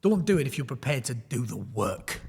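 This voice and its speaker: A man's voice: mid-range voice, big pitch swings, moderate pace, creaky, a little mellow, husky, long reverb tail. A man from a prop trading firm, talking bluntly and motivationally in a casual roundtable chat, with joking asides. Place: studio.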